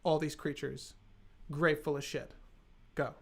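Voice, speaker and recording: Male streamer, higher-pitched voice, casual and sarcastic, chatting with a live audience. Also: flat delivery, measured pace, vocal fry. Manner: joking, sarcastic, talks to chat.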